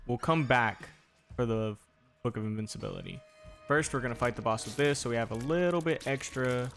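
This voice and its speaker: With faint game music in the background, a young man who makes gaming videos gives relaxed commentary and addresses the on-screen enemies. His medium-pitched voice is sing-song, gravelly and a bit bright, and he speaks briskly.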